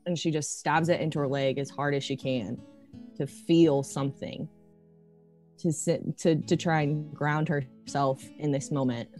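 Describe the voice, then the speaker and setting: A woman with a low voice narrates her character in a tabletop horror game. She swears freely and her voice climbs when her character is upset. A faint music bed sits under her. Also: fairly even intonation, unhurried, darkish tone. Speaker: player.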